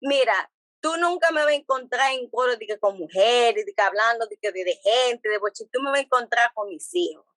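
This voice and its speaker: Lively bilingual woman, bright voice. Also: on the high side, fast talker, no room sound, low-quality recording. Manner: animated, switches between English and Spanish, repeats phrases. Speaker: podcast guest. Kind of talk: casual chat.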